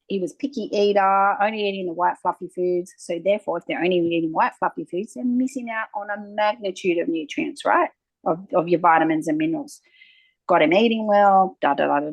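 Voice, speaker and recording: Speaking at an ordinary pace in a lowish voice, a naturopath guest holds forth in a conversational interview. She narrates with energy, playing out the little dialogues in her stories herself. The audio is poor, with no echo.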